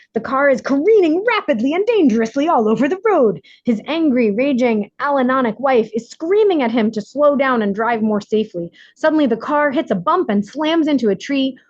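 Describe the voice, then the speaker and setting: A woman reading her own self-help book aloud in an earnest, measured, deliberate way. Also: fairly high pitch, lively intonation, a little mellow, dry recording, highs cut off.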